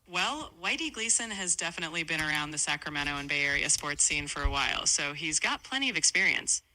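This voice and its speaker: Very bright, polite AI assistant woman. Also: deep voice, expressive, fast, dry recording, rough recording. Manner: polite, smooth, evenly agreeable. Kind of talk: chatbot replies.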